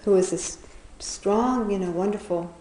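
A woman's voice: mid-range voice, measured pace, dark tone, roomy sound, poor audio. A woman casually retelling a children's fable, chatty, often laughing, with many fillers and restarts. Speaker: storyteller.

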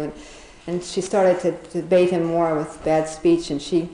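A woman retells an animal fable in a loose, rambling way, chuckling and filling gaps with fillers. Her voice is low and mellow. The room around her is roomy and echoing, with faint noise underneath. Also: flat delivery, measured pace, hardly any pauses. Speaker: storyteller. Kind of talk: casual storytelling. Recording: roomy echo.

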